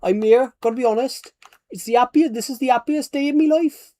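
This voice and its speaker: A man's voice: very high voice, a little fast, dark tone, voice pushed up. A man putting on a Welsh accent as a happy Welshman who sounds angry. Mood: gruffly happy. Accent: Welsh, put on.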